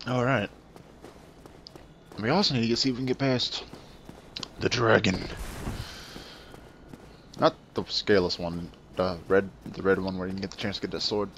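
A man's voice: fairly low pitch, fairly even intonation, moderate pace, pauses often, a bit bright, slight background noise. A man commenting on his own gameplay, rambling between asides and trash-talking the enemies he fights. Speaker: let's play gamer. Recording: game music underneath. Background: game music.

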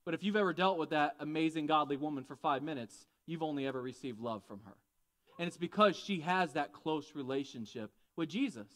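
A man preaching a conversational, animated sermon, often asking the congregation questions. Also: on the high side, a little fast. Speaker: pastor.

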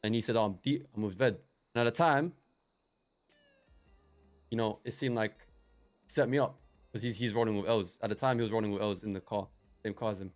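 A man's voice: fairly low pitch, steady tone, a little fast, long pauses. Rambling young man. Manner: rambling, hesitant, many restarts and fillers. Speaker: roleplayer in character. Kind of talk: in-character roleplay recounting events.

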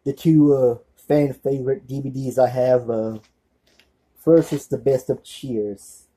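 A man with a very dark, mellow voice and a husky edge hosts a casual show-and-tell vlog. He talks haltingly, full of fillers and pauses, reading titles off one at a time. When a name slips his mind he stops to apologize before going on. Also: medium pitch, fairly even intonation, rough recording. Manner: forgetful, self-apologetic asides. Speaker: channel host.

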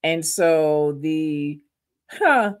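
Lively woman from Louisiana telling stories. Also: sits low, extremely slow. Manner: animated storyteller, acts out quotes. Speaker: guest. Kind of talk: storytelling in a podcast interview.

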